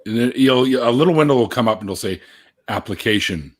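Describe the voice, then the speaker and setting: A man's voice: on the low side, animated, a little fast. A man hosting a casual live stream, chatting and talking a guest through screen sharing. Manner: chatty, guiding guests through tech steps. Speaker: host.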